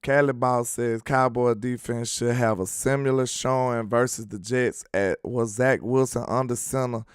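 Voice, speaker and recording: A man with a medium-pitched, steady, smooth voice hosts a casual sports talk livestream at a moderate pace, barely pausing. He riffs on viewer comments in emphatic slang, worked up about his team. There's no echo and the recording is studio quality.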